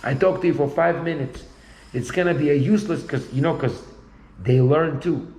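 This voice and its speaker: A man's voice: a little high, moderate pace, darkish tone, roomy sound, rough recording. A man in casual conversation, talking bluntly and rambling, often repeating himself.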